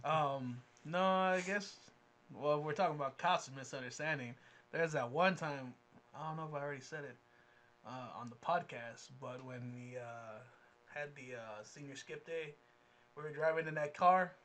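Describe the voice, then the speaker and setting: Bright, high-voiced joking man. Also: normal speed. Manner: teasing, joking. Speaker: podcast co-host. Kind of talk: casual chat.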